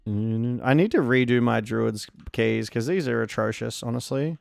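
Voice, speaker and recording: A man streaming a game, chatting casually and excitably, greeting viewers and reacting loudly to the action. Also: mid-range voice, normal speed, gravelly, few pauses, dry recording, clean studio sound, faint music behind. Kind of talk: casual live-stream chat while gaming.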